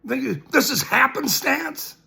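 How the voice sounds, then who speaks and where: A man's voice: extremely high pitch, expressive, slow, gravelly, sharp tone. A man ranting to camera, mocking and laughing between his lines and repeating his points emphatically. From Ireland. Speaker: citizen journalist.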